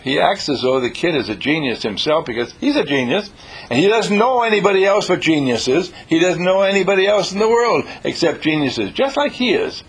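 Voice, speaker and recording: A man giving an inspirational talk, telling stories in an animated, emphatic way and repeating his key lines. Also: on the high side, brisk, slightly rough. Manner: animated, repetitive, emphatic storyteller. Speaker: speaker.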